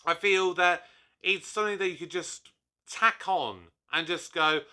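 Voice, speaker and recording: A man's voice: sits high, a little slow, pushed and bright. A man hosting his own review channel, talking casually with enthusiasm and rambling into frequent asides. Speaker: YouTube reviewer host.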